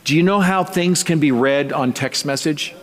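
A man's voice: on the high side, normal speed. A male pastor preaching a sermon in a conversational, storytelling way with light touches of humor. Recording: long reverb.

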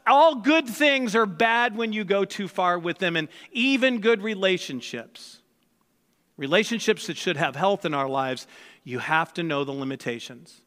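A man's voice: sits high, expressive, measured pace, fairly bright tone, in a large hall. A man preaching a sermon as pastor, speaking in a conversational way and often acting out both sides of a conversation. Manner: conversational, acts out quoted dialogue.

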